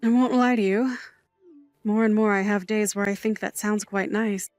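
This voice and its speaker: A woman's voice: medium pitch, fairly even intonation, moderate pace, a little mellow, no echo, faint music behind, lightly acted. An actress voicing a glamorous, doting middle-aged aunt who works nights at a bar, fussy and theatrical in her manner. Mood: wistful. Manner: fussy, dramatic, gushing. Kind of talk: audio drama acting.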